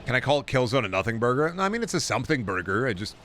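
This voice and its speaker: Bright-voiced sarcastic gaming streamer man. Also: medium pitch, sing-song, rapid-fire, a little hiss or hum. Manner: sarcastic, rambling, mock-folksy asides. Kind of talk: casual gameplay commentary.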